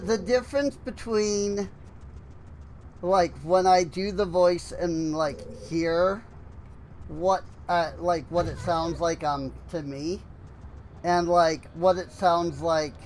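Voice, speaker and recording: A man's voice: sits high, takes it slowly, slight background noise, poor audio. A man giving casual commentary while streaming a game, rambling and filling his speech with "like.". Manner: rambling, heavy on "like" fillers.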